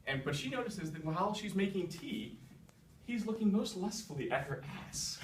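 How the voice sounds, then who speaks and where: A man's voice: high-pitched, normal speed, background noise. Wry man telling a comic fairy tale. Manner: wry, deadpan asides. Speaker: storyteller. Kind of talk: comedic fairy-tale retelling. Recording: roomy echo, distant mic.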